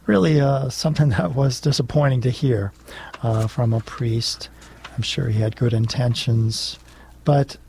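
A man's voice: mid-range voice, gravelly, darkish tone, slight background noise. A male talk show host reflecting earnestly after a segment.

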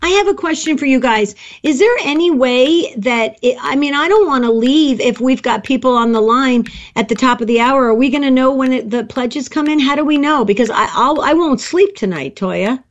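A woman hosting a live radio pledge drive, excitable and chatty, joking about herself. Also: sits high, moderate pace, few pauses, highs cut off. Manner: excitable, chatty, self-mocking. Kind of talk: live radio fundraising chat.

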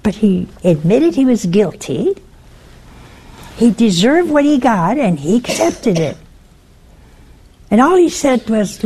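A woman's voice: a little high, sing-song, warm tone, slightly rough. An older woman giving an informal sermon full of stories, teasing her viewers with questions. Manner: slow, teasing, asks the audience questions. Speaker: religious teacher on a video show.

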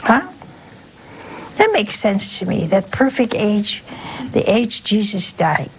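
A woman's voice: mid-range voice, sing-song, slow, slight background noise, low-quality recording. An older woman, a nun, giving an informal, folksy sermon, often asking her listeners questions. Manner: folksy, conversational, asks audience questions. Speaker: nun preaching.

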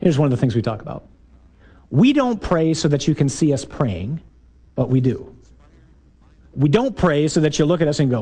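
Male priest, sermon, emphatic, fairly high voice, lively swings in pitch. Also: normal speed, pauses often. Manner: emphatic, rising to high exclamations. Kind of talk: sermon to a men's group.

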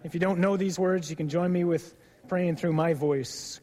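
A man preaching a sermon as the priest of a parish mission, emphatic, slowing down to stress his points. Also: high voice, fairly even intonation, a little mellow. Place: large church. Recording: long church reverb.

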